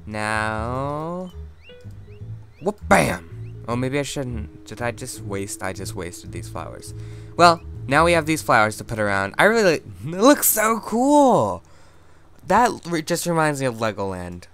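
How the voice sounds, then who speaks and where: Chatty male gameplay host, mid-pitched and easily excited, with soft music under him. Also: a little slow. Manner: chatty, excitable, squeals high when startled. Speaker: gaming video host. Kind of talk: casual gameplay commentary.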